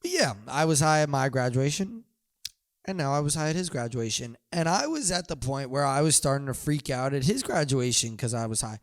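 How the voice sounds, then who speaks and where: A young man hosting a podcast, telling a long rambling story full of "you know" and sudden loud drawn-out yells. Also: medium pitch, lively intonation, dry recording, studio quality. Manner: loose, meandering, swings into loud drawn-out yelled bits. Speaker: podcast host.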